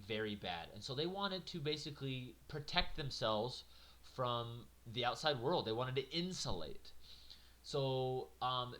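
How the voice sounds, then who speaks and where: A man lecturing on history with a bright, forceful tone. He talks casually and with lots of energy, dropping playful asides and checking in with the class as he goes. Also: mid-range voice. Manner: conversational, animated, jokey asides. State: yawning, a little tired. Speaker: teacher.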